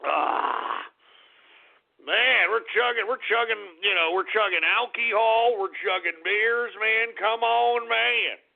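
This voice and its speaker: A man hosting a call-in radio show, ranting loudly and profanely while drinking. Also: sits high, takes it slowly, creaky. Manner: loud, profane, insulting rants. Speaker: radio host. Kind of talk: rowdy call-in radio rant. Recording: lo-fi phone-like radio stream.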